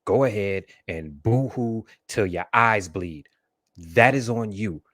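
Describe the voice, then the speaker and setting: A man in a casual group discussion, speaking forcefully and emphatically. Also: fairly low pitch, takes it slowly, no room sound, clean studio sound.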